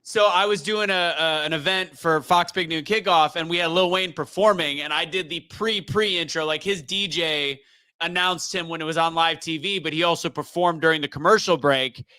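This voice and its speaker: A man's voice: fairly high pitch, normal speed, bright, forceful tone, clear, resonant tone, no echo. A man hosting a casual live-stream chat, rambling and teasing his co-host. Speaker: show host.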